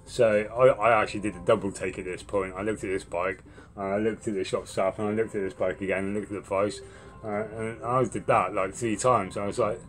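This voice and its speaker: A young man with a low voice tells a long, rambling story, swearing freely as he goes. Faint music sits quietly under his voice. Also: fairly quick. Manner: swears a lot, rambling and animated when retelling. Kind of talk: casual storytelling monologue.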